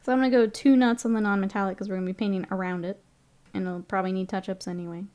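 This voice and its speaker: A woman's voice: medium pitch, fairly even intonation, racing, darkish tone. Chatty woman painting on a livestream. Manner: chatty, laughs often, reads chat aloud. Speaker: streamer painting miniatures. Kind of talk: casual livestream chat.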